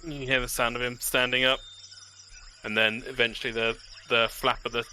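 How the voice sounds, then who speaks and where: A man narrating a tabletop game as game master, in a relaxed way with many fillers. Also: mid-range voice, moderate pace, slight background noise.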